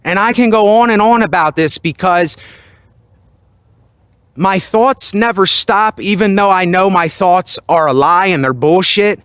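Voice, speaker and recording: Loud, high-voiced man ranting outdoors. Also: a little slow, clear, resonant tone, no echo. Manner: loud and emphatic. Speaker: vlogger. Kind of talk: motivational monologue. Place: outdoors at night near his building. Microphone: handheld microphone.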